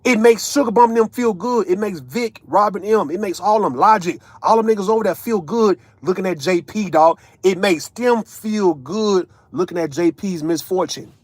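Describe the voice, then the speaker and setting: Profane, high-voiced man ranting. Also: moderate pace, hardly any pauses, dry recording. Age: 30s. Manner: profane, emphatic, repeats tag words like right and man. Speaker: online commentator. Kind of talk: casual ranting commentary.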